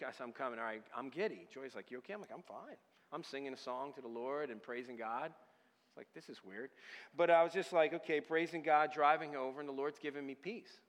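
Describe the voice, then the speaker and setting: A man preaching a sermon, telling a personal story and building from quiet storytelling to loud, passionate crying out. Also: on the high side, fairly quick. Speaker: pastor. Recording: hall with long reverb.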